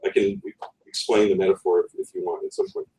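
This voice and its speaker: Speaking fast and warmly, this deep-voiced man lets his pitch swoop wildly as he presents on writing at a conference, tossing in wry remarks with a laugh behind them. His voice sounds distant and roomy, captured well away from the microphone in a conference room.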